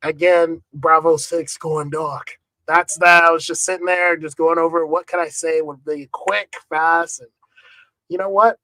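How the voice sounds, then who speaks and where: A man's voice: fairly high pitch, flat delivery, moderate pace, sharp tone, clear, resonant tone, rough recording. A man talking as an easygoing music producer guest in a casual interview, with frequent repeats and fillers. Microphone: remote call setup.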